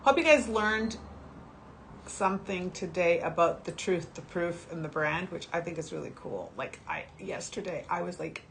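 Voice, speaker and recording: A woman's voice: fairly low pitch, animated, moderate pace, gravelly, a bit bright, a little hiss or hum. A chatty, emotional woman in her sixties presenting skincare products on a casual livestream, talking straight to her viewers. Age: 60s. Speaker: shopping channel skincare brand presenter. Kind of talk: casual livestream sales chat.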